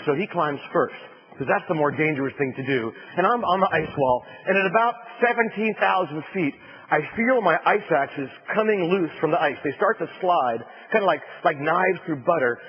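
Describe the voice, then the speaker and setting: A husky-voiced man from New Jersey tells a comic adventure story as a motivational speaker, his pitch leaping and swooping as he acts out shouts and lands punchlines. The sound is muffled and lo-fi, as from an older recording. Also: long reverb tail. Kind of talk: storytelling keynote speech.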